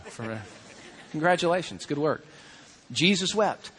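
A man preaching a sermon, acting out crowd voices and swinging between loud excitement and hushed intensity. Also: fairly high pitch, normal speed, breathy edge. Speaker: pastor.

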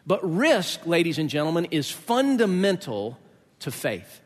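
A middle-aged male pastor tells a story from the pulpit in an animated way, switching into other people's voices and chuckling as he goes. His voice sits a touch high for a man. It carries through a church with a long reverb tail. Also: a little slow. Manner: animated storyteller acting out voices, laughing along. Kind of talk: sermon with storytelling.

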